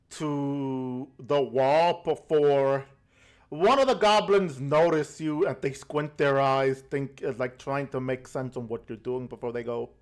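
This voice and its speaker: Slow, hesitant game master man. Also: medium pitch. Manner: hesitant, filler-heavy narration. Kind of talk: narrating a tabletop game.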